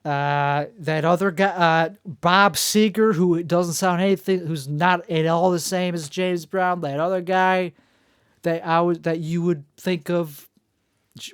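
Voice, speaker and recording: Male solo host, gravelly voice, rambling and self-deprecating, dry close sound. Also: a little high, no echo. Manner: self-mocking and jokey, full of restarts. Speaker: podcast host.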